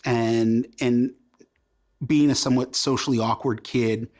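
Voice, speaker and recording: A man's voice: mid-range voice, measured pace. A man in his fifties from Portland, Oregon, telling stories about his life in a casual interview and acting out remembered lines of dialogue. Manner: animated, self-deprecating, acts out remembered dialogue. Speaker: comic book creator as guest.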